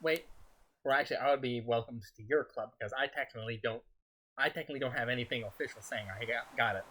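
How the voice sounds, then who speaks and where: Soft-spoken rambling man with a bright voice. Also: medium pitch, fast. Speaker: streamer. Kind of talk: casual gaming stream chat.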